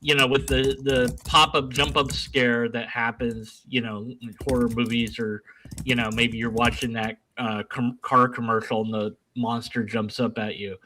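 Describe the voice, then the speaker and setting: A man's voice: medium pitch, flat delivery, normal speed, pushed and bright, low-quality recording. A man rambling goofily and self-deprecatingly as a guest on a casual online panel, speaking from his desk at home.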